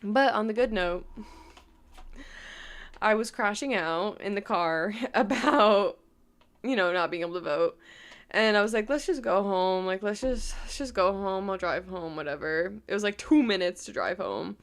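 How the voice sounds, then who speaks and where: A young New York woman vlogs in a medium-pitched voice at a moderate pace. It's a casual storytime chat that rambles, full of "like" and frequent laughter.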